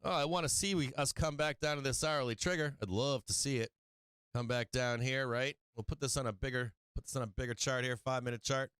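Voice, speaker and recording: Man, live stock market host, brash, excitable, swearing, smooth resonant voice, dry close sound. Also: mid-range voice, brisk, no echo. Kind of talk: live-stream chart analysis.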